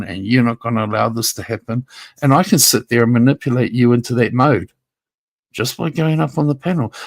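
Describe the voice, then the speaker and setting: Male streamer mid-rant: confrontational, needling, foul-mouthed, speaks to his rival directly. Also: mid-range voice. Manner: confrontational, taunting, profane; talks straight at a rival, repeats himself. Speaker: YouTube livestreamer. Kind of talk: livestream rant.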